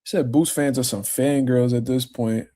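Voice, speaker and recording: Young man, livestream host, casual chat, profane, mellow dark voice. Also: medium pitch, fairly even intonation, unhurried. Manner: profane, laid-back, heated when arguing with commenters.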